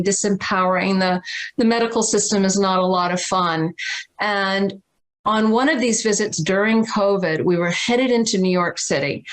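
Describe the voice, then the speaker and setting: A middle-aged woman from Massachusetts, telling an earnest, animated story as a guest teacher on a video call. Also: mid-range voice, low-quality recording. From Massachusetts, USA. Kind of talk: storytelling in a livestream talk.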